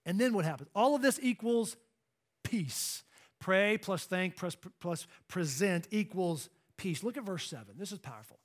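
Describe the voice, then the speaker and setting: A middle-aged man preaching a sermon to a congregation in a church hall, emphatic and swinging from loud to hushed. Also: sits high, expressive, normal speed. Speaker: pastor.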